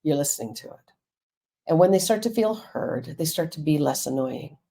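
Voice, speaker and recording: A woman's voice: low voice, lively intonation, moderate pace, gravelly, warm tone. A woman, a counselor and Reiki teacher, talking frankly and reassuringly to viewers in a live stream.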